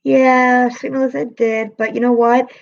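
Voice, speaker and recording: A woman's voice: a little high, level tone, moderate pace, gravelly. Upset woman venting on a lo-fi stream. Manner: upset, emotional, swearing, greeting viewers by name. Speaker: live streamer. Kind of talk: venting to live chat.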